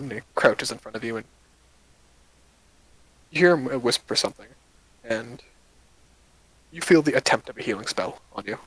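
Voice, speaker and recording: A man with a mid-pitched voice narrates a tabletop game casually, rambling and filling pauses with ums and uhs. He sounds close to the mic in a dry, dead space. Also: expressive, a bit bright, slightly rough, no echo, poor audio. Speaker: game master.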